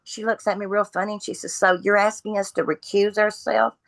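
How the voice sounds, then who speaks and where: A woman's voice: mid-range voice, brisk, gravelly, no room sound, rough recording. A woman, a podcast guest telling her story from home, bluntly acting out what each person said. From Kentucky. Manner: blunt, animated retelling of dialogue.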